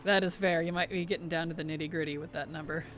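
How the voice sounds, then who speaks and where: High-voiced man streaming a game. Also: steady tone, fast talker, a bit bright. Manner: chatty, reads and answers viewer chat with easy laughs. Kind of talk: casual live-stream chat while gaming. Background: background music.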